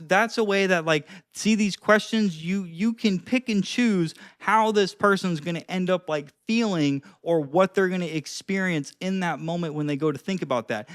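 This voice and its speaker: A young man with a slightly high voice talks casually to his camera at home, recorded close and dry. He coaches on conversation, throwing in plenty of "like" and "dude" and acting out both sides of a chat. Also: fairly bright tone, no room sound. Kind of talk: casual advice monologue to camera.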